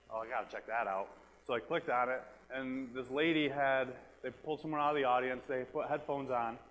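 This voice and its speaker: A man's voice: mid-range voice, a bit bright, rough recording. A man preaching a sermon as pastor, talking plainly and repeating his key phrases, sometimes dropping to a whisper. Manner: drops to a whisper to make a point, then back up.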